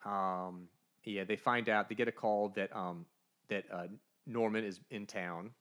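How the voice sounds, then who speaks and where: A man with a lowish voice and a bright, forceful edge tells a comic's plot in casual chat. He acts it out as he goes, dropping into quick character voices. His tone is lively and animated. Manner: animated storyteller, briefly voicing characters. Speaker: podcast co-host. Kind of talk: casual comic book recap.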